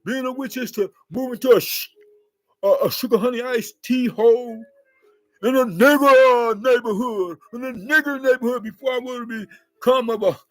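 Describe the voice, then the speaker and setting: A man's voice: very high-pitched, moderate pace, no echo, faint music behind. A man vlogging in a rambling monologue, with theatrical mock sobbing.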